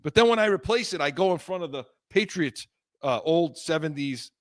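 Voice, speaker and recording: This middle-aged man talks in a slightly high voice, rambling through a story with plenty of restarts and laughter. It is casual podcast chat, close and dry with no room sound. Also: animated, normal speed, dry recording. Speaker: podcast co-host.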